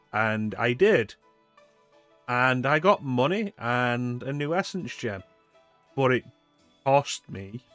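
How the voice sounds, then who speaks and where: A man streaming a video game and riffing with crude, irreverent jokes over its dialogue. His voice sits at a medium pitch and sounds dry and close on a desk mic, with faint game music underneath. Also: a bit bright, no room sound. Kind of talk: casual gaming commentary.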